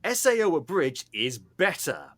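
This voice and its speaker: Lively, bright-voiced man chatting on a podcast. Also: a little high, measured pace. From not American. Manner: animated, emphatic and teasing. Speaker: podcast co-host. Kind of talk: casual podcast chat.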